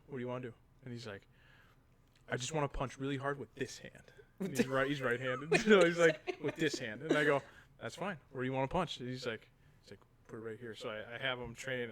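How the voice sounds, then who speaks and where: A man in his thirties, a podcast co-host, telling a casual story and acting out what people said. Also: medium pitch. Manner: animated storyteller acting out quotes. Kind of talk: casual chat.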